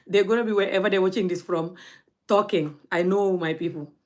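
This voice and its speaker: A woman's voice: on the low side, fairly even intonation, a little fast. Young woman, vlog rant, scolding, blunt, heated. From Gambia. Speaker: vlogger. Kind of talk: direct-to-camera rant.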